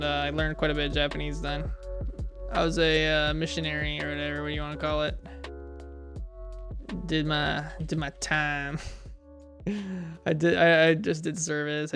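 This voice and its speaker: A young man streaming while drawing, rambling in casual chat, laughing often and talking to himself. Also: on the high side. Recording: music playing under the voice. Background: clear background music.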